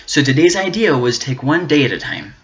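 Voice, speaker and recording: A man giving an earnest, faith-based motivational talk, encouraging and halting, often restarting and repeating words. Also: fairly high pitch, animated. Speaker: self-help channel host. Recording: dull, muffled lo-fi audio.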